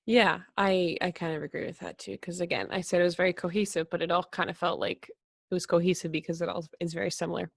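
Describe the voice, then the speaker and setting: A young woman co-hosts a casual album review, playful and quick to agree. Her voice sits a little low. The sound is dry and close. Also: steady tone, gravelly, no echo. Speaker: co-host.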